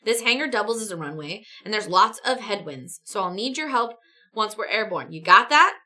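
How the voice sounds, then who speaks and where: A woman's voice: mid-range voice, expressive, normal speed, sharp tone. A woman reading the part of a brash, cocky young male pilot in a choose-your-own-adventure story, in a boastful, pushy way.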